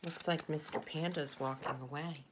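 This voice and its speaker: A woman teacher reading a picture book aloud to young children, gentle and pointing out the pictures as she goes. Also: sits low, steady tone, normal speed, background noise. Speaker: nursery school teacher. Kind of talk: storybook read-aloud for children.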